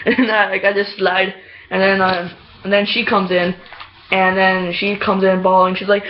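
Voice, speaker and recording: A man's voice: sits high, flat delivery, normal speed. Rambling young man on lo-fi audio. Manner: rambling, many fillers and restarts, laughing often. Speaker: vlogger. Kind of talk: casual storytelling. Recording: dull lo-fi home video audio.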